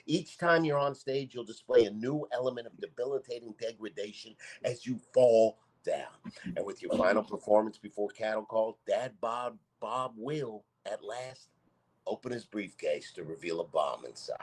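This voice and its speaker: A brash, mocking comedian reads his script aloud at full volume. His voice sits low and sounds husky and rough. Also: moderate pace. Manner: brash, abrasive, loud and mocking. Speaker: guest comedian. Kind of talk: comedy script table read.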